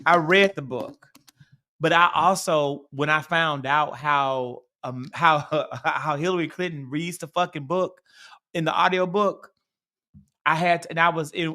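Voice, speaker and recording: A fired-up man rants on a political podcast, swearing freely and bursting into sudden loud peaks. His voice is bright and forceful and sits fairly high for a man. He drives every point home with heavy emphasis. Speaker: podcast co-host. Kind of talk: heated casual political chat.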